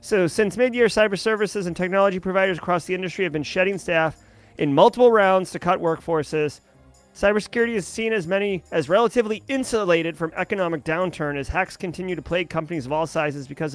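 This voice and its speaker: A man's voice: high voice, no echo. A man hosting a livestream, reading news headlines and riffing on them in casual commentary, answering chat as he goes. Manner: chatty, reads headlines then riffs and answers chat. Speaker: livestream host.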